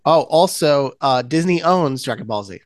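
A man's voice: medium pitch, lively intonation, moderate pace, no room sound. A man hosting a casual podcast chat, rambling with many restarts. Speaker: podcast host.

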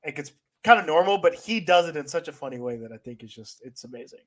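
A man's voice: fairly high pitch, animated, quick pace. A man hosting a sports technology podcast, talking in a loose, conversational way. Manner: loose and conversational, many fillers and restarts. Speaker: podcast host. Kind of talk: casual sports-tech chat.

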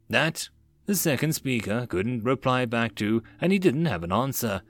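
Expressive man narrating an audiobook. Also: medium pitch, normal speed, no echo.

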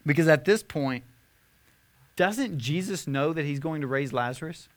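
A young man preaching a sermon as a pastor, conversational with fillers, swinging from impassioned emphasis to hushed tenderness. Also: on the high side, animated, normal speed. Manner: earnest, rising to impassioned emphasis then hushed.

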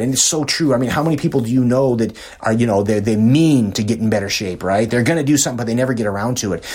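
A man's voice: medium pitch, a little mellow, husky. A middle-aged man hosting a podcast, telling folksy motivational stories and often repeating words as he goes. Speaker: podcast host. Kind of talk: motivational storytelling.

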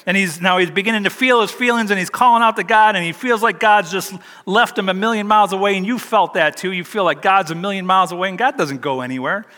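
A man's voice: high voice, quick pace, hardly any pauses, pushed and bright, in a large hall. An older man preaching a sermon, telling a personal story in a chatty, self-deprecating way. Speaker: pastor.

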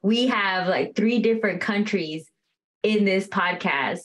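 Excited Texan woman co-host. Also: mid-range voice, measured pace. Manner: excited, upbeat. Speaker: podcast co-host. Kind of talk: casual chat.

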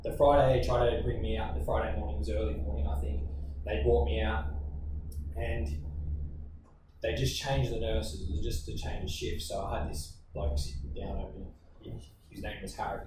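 A man in his twenties with an Australian accent, telling a personal story as a podcast guest in an earnest, reflective way with halting bursts. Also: on the low side. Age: 20s. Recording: very echoey room, distant mic, ambient noise.

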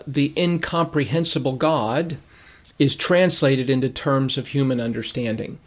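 Methodical male Bible teacher, repeats key phrases. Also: medium pitch. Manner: explains Greek words. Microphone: reading from notes.

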